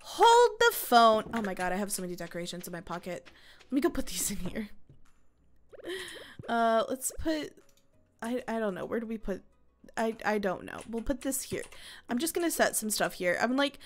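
A young woman hosting a gaming video, chatting casually and excitedly to her viewers as she plays, often breaking into giggles. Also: medium pitch, normal speed, long pauses. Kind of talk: casual gameplay commentary.

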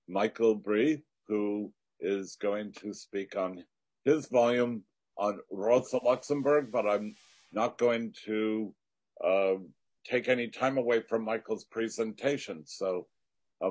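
A man moderates an online panel over a video call. He speaks slowly in a low voice, and the sound is dry and close. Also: darkish tone, no echo. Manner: brief, measured handovers.

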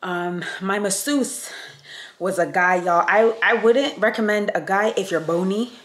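A woman's voice: mid-range voice, a little slow, fairly bright tone. Young canadian woman rambling to her camera, super chill, lots of likes and y'alls. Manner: chatty, laid-back, heavy use of filler words. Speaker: vlogger. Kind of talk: casual vlog chat to camera.

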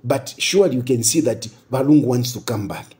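A man's voice: medium pitch, lively intonation, brisk, warm tone. A Zambian man giving impassioned political commentary, repeating his points and firing off rhetorical questions. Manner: emphatic, repeats phrases, switches between English and local languages.

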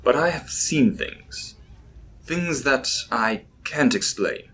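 Brief: man doing a thoughtful professor, low voice, lively pitch. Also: brisk, breathy edge, exaggerated voice. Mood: reflective. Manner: reflective, storytelling. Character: middle-aged male archaeology professor.

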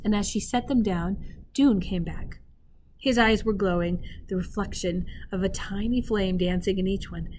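A woman teacher reading a children's novel aloud with an expressive delivery, stopping now and then to talk to her listeners. Her voice sits on the higher side, with faint background noise.

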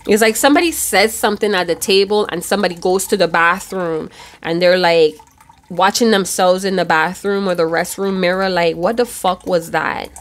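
A woman's voice: lowish voice, brisk. A woman giving a casual tarot reading, chatty and loose, with casual swearing. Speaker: tarot reader.

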